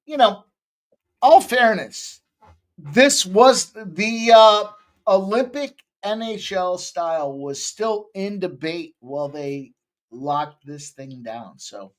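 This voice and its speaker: High-voiced man hosting a betting chat. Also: expressive, takes it slowly. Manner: joking, teasing, swears casually. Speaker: betting show host. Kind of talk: casual group chat on a live stream.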